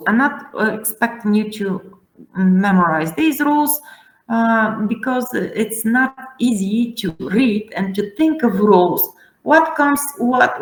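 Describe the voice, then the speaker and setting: A woman lecturing students on pronunciation rules. She talks slowly and pauses often, filling the gaps with hesitations. Her voice sits at an ordinary middle pitch. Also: poor audio. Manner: slow, halting, many fillers. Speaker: Latin teacher. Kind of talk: classroom lecture.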